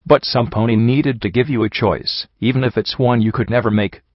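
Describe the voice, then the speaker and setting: A man voicing a quiet, raspy old male pony card dealer with a cryptic, knowing manner, in a dull, dry recording. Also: medium pitch, steady tone, fairly quick, dry recording, lightly acted.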